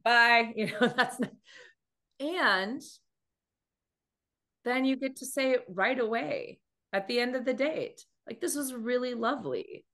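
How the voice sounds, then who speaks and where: Animated woman coaching on dating. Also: a little high, slow, long pauses. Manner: animated storytelling, acts out quoted speech. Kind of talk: motivational talk on dating.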